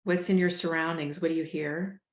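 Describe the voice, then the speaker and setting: A woman hosting a show, calmly coaching listeners through a breathing exercise. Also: deep voice, moderate pace, reverberant. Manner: calm, coaching, addresses listeners as "y'all". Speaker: host, life coach. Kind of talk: guided breathing instruction.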